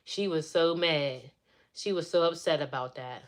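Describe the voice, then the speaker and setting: A woman's voice: deep voice, moderate pace. A middle-aged woman chatting on a live stream, venting as she retells family drama in a casual way.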